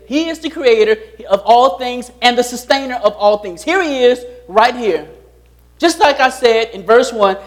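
A pastor preaching a sermon, repeating his key lines and putting rhetorical questions to the congregation. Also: very high voice.

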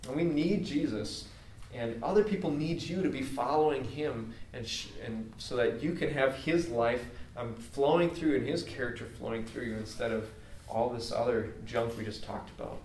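A man delivers a conversational sermon that's earnest and informal, speaking in an everyday way with many fillers. His medium-pitched voice has a darkish tone and moves at normal speed. The room is echoey, the mic is at a distance, and there's a little hiss or hum.

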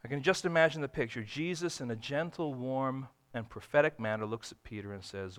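A man preaching a sermon, swinging between loud emphatic bursts and hushed, tender lines, acting out quoted dialogue in a folksy, conversational way. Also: medium pitch, moderate pace, few pauses. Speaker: pastor.

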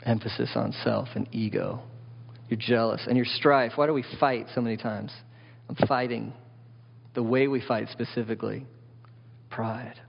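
Animated preaching man in a reverberant hall. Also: mid-range voice, moderate pace, gravelly, a little hiss or hum. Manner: animated preaching, asks the congregation questions. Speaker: pastor. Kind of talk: sermon. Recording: dull lo-fi sound with long hall reverb.

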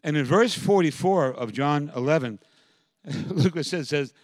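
A man preaching a sermon as pastor, moving from quiet, reflective passages to loud, impassioned calls. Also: a little high, expressive, a little slow, no room sound.

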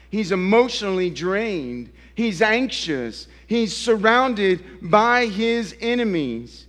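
Slow, emphatic preacher in a reverberant hall. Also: male voice, fairly high pitch, a bit bright. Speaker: pastor. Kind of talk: sermon.

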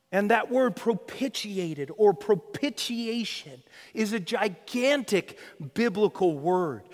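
A man with a high voice preaches a sermon in a hall with long reverb. He swings between loud crying out and a hushed near-whisper, repeating phrases and restarting them for emphasis. His delivery is impassioned and dramatic.

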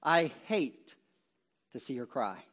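A middle-aged man, a ruling elder, preaching an impassioned sermon that sinks to hushed low tones and rises to loud exhortation. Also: very animated, takes it slowly.

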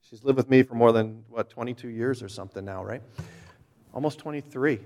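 A man's voice: medium pitch, fairly quick, a little mellow. A middle-aged man, a pastor, preaching a sermon in a conversational, storytelling way with frequent restarts.

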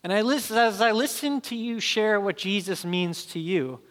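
Animated bright-voiced male pastor. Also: sits high, moderate pace, big-room sound. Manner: animated storyteller, acts out voices. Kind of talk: sermon with personal story.

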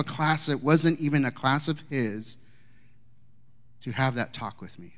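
A middle-aged man giving a sermon, telling a story and moving between quiet asides and raised, emphatic lines. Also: a little high, a little slow. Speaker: pastor.

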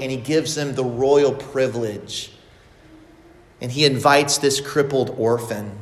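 A man preaching a sermon, expressively acting out the quoted lines of the story. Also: a little high. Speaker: pastor. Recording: echoey hall with long reverb.

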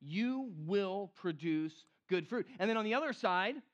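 A man preaching a sermon in an animated, conversational way, acting out the quotes he cites. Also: high voice, moderate pace, lo-fi sound. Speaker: pastor.

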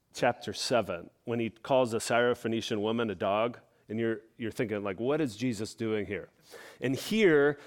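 A middle-aged man preaching a sermon, explaining scripture in an earnest, conversational way with casual asides. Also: medium pitch. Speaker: pastor.

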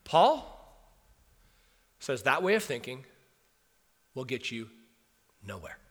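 Lively bright-voiced male preacher in a hall. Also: mid-range voice, slow pace. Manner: reads scripture then explains it conversationally. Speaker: pastor. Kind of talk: sermon.

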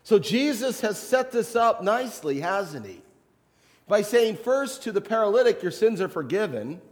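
A man's voice: sits high, big pitch swings, moderate pace, long reverb tail. A man, a pastor, preaching a sermon in a conversational way, with rhetorical questions and light humor.

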